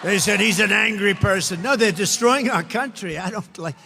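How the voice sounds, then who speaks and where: An older man delivers a campaign rally speech in a high, bright voice. He repeats himself for emphasis and pushes some lines up to a shout. His voice rings through a large echoey hall over faint ambient noise. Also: normal speed, creaky, a faint crowd. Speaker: political speaker at a rally. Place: large indoor rally venue.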